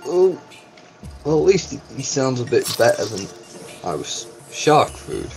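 A man narrates his game session in an animated, swooping voice, prone to sudden yelps and exclamations. He talks at an unhurried pace. Game music plays clearly behind him. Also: medium pitch, rough recording. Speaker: gaming channel host. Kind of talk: let's-play game commentary.

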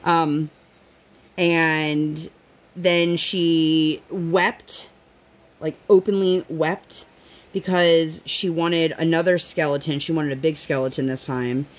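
A vlogger in her thirties with a deep, slow, fairly flat voice chats casually with viewers while crafting. She tells a story packed with fillers and acts out the quotes.

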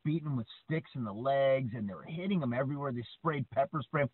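A man's voice: mid-range voice, quick pace, breathy edge, no room sound. A man co-hosting a podcast in casual chat, telling stories and often tagging lines with "right?". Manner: chatty, frequent "right?" tags, animated storyteller. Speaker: podcast co-host. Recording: dry, tinny phone-like line.

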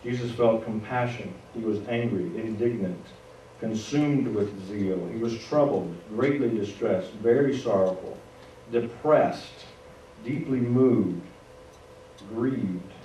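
Slow and warm, a fairly low male voice delivers a sermon from a church sanctuary. The pastor talks conversationally with asides to his congregation, and the recording is echoey and distant, with faint noise.

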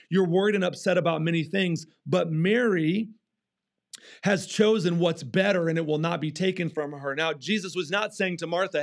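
High gravelly-voiced man preaching. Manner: acts out quoted complaints, restarts and fillers. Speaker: pastor. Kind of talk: sermon. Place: church stage.

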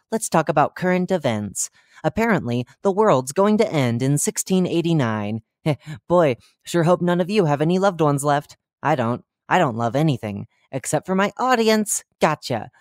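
A reader voicing a cheerful, oblivious male radio talk-show host who chats brightly and drops deadpan dark jokes. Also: mid-range voice, normal speed, dry recording, studio quality, natural voice. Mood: chipper. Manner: chipper, chatty broadcast patter with deadpan dark jokes. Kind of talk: horror fiction reading.

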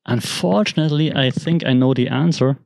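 This podcast host, whose first language is German, talks fairly quickly in a medium-pitched voice that is creaky and a little mellow. He rambles conversationally through the news with many restarts, and there is no echo.

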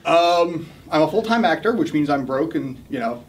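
A man's voice: on the high side, expressive, normal speed, distant mic, a little hiss or hum. A man in his thirties with a New Jersey accent, doing a rambling, self-deprecating stand-up routine. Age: 30s. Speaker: stand-up comedian.

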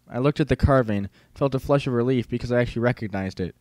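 A man's voice: mid-range voice, fast, hardly any pauses, darkish tone, no room sound. Man narrating an audiobook. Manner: first-person storytelling, wry.

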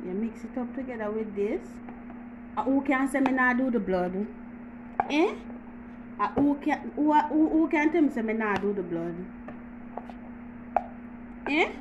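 A woman's voice: on the high side, animated, unhurried, long pauses, dull audio, background noise. A woman with a Jamaican accent hosting a casual home how-to vlog, chatty and teasing, with frequent laughs. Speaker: YouTuber.

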